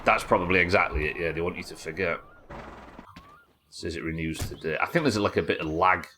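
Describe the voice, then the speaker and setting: A man with a deep, low voice chats casually on a live game stream, answering viewers and his co-players. His tone is bright and forceful, and he swears now and then. Faint noise sits behind him. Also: brisk. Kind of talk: live gaming stream chat.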